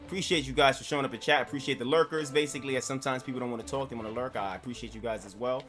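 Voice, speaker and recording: A man's voice: mid-range voice, fairly even intonation, rapid-fire, fairly bright tone. A young man, chatting casually while streaming a game, rambling and swearing with self-mocking laughs. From New York. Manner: rambling, profane, laughs at himself. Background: game music.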